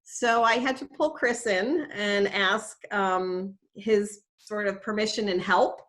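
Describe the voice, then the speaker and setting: A woman's voice: mid-range voice, slow pace, fairly bright tone. A middle-aged woman, a nature preserve educator, telling a story in a casual, chatty way, with plenty of fillers and self-corrections.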